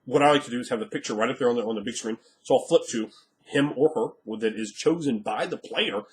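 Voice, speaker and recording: A man speaking as a game master, giving blunt, emphatic tips with frequent swearing, slightly hoarse after a cold. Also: medium pitch, fast, a little mellow. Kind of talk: instructional monologue.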